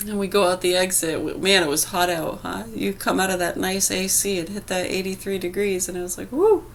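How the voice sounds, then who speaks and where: A woman's voice: fairly low pitch, fairly quick, slight background noise. A woman vlogging casually, telling a story in a chatty way with frequent laughter. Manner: chatty, laughing, animated retelling.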